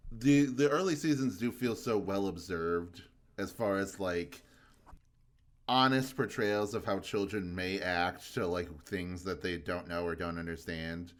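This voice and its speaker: Rambling low-voiced young man. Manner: rambling, many fillers, easy laughs. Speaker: podcast co-host. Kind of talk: casual chat.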